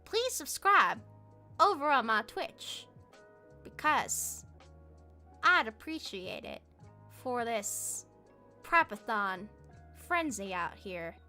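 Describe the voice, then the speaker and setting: Woman doing a mock Southern accent, country farmer gal, hammy drawl, high bright voice. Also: very animated, takes it slowly, pauses often, soft background music, heavily acted.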